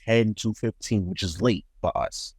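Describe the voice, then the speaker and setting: A man with a lowish voice tells a story on a podcast, jumping up in pitch whenever he acts out what he said. The sound is close and dry, with no room around it. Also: a little slow, slightly rough, no echo. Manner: animated storyteller, acts out his own quoted lines. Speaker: podcast co-host. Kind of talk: casual storytelling chat.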